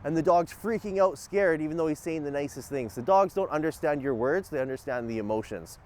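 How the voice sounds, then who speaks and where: Lively male dog trainer, slightly high voice. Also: a little fast. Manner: lively, swings between upbeat and calm, barks short commands. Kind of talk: casual instructional dog-training talk.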